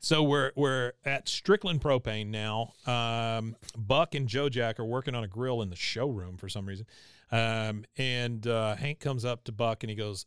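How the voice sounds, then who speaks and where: A man's voice: mid-range voice, a little slow, fairly bright tone, clear, resonant tone, no echo, clean studio sound. A man co-hosting a podcast in casual chat, retelling scenes from a cartoon episode and quoting its characters. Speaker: podcast co-host.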